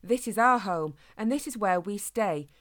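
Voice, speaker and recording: A woman voicing a grumpy, protective father hedgehog in a storybook, muttering and grumbling gruffly. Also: mid-range voice, expressive, normal speed, lightly acted. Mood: firm.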